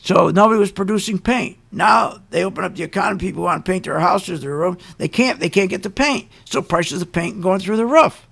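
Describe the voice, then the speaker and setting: Male radio host with a raised, gravelly voice, preaching his opinions in an emphatic rant. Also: high voice, a little fast, few pauses, fairly bright tone. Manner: ranting, emphatic, sarcastic asides.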